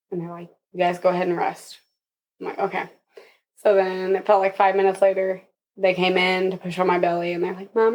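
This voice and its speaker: A woman's voice: fairly low pitch, a little mellow. A young woman, a podcast guest, telling her birth story casually and with animation, laughing often and acting out what others said.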